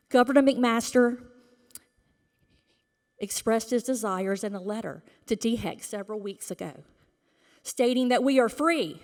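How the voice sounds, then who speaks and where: A woman speaks slowly and deliberately into a podium microphone at a school board meeting, her comment emphatic and indignant, at times sinking to a whisper. Her voice carries a long reverb from the meeting hall. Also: fairly high pitch. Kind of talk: impassioned public comment.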